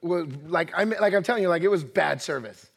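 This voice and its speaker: Man, 30s, high-pitched pastor, animated sermon delivery, mimics voices and laughs. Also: brisk, creaky. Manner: animated, acts out quoted voices, laughs often. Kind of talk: energetic sermon.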